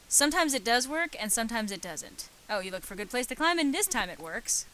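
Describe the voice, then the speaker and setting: A woman's voice: a little high, sing-song, fast, hardly any pauses, fairly bright tone, slight background noise, low-quality recording. A woman hosting a let's play, reading game text aloud and commenting casually. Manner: reads game text aloud, hesitant fillers.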